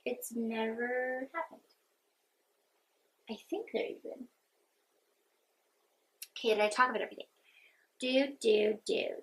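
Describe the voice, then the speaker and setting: Chatty young woman, higher voice. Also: fairly even intonation, a little slow, long pauses, a bit bright, rough recording. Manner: chatty and heartfelt, earnest. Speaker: vlogger. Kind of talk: casual get-ready-with-me chat.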